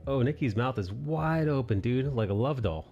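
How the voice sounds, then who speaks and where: A man's voice: mid-range voice, animated, moderate pace, warm tone, muffled recording, faint music behind. A man hosting a live stream, chatting casually in a rambling way and laughing often. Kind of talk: casual chat.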